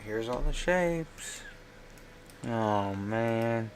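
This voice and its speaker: A man's voice: medium pitch, expressive, drawn-out words, noisy background. A middle-aged man streaming live, talking himself through each design step and teasing his child between tasks. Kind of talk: casual livestream chat while working.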